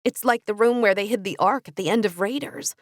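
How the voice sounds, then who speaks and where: A woman narrator voicing a quick-witted young female adventurer in her own near-natural voice, quippy and casual. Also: mid-range voice, dry recording, studio quality, close to an everyday voice. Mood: wry.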